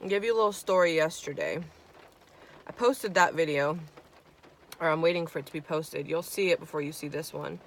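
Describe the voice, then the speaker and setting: A woman's voice: low-pitched, fairly quick, a little hiss or hum. A young woman vlogger chats through a story while she eats, loose and profane. She acts out her friends' lines with plenty of animation. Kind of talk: casual storytime while eating.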